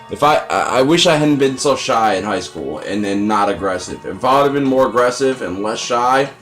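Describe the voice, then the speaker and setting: A young man giving casual, rambling gameplay commentary, profane and self-deprecating. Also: lowish voice. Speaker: let's play gamer.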